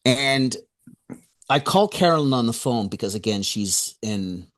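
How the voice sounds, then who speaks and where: A man, an author and guest on a radio interview, telling a story in an animated way, acting out the voices he quotes and chuckling between remarks. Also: medium pitch, unhurried.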